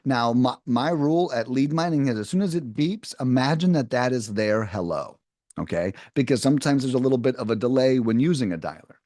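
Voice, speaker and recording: Lively man coaching cold callers. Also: mid-range voice, brisk, no room sound, clean studio sound. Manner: animated, talks to viewers as guys, acts out sample phone lines. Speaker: cold calling sales trainer. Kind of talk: casual coaching lesson to camera.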